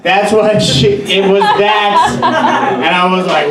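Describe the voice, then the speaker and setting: A man's voice: high voice, lively intonation, slow pace, noisy background. A young man doing a stand-up comedy set at a bar, telling rambling self-deprecating stories with many restarts. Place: bar or brewery stage with a live audience. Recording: echoey room, far mic, loud crowd. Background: audience laughter.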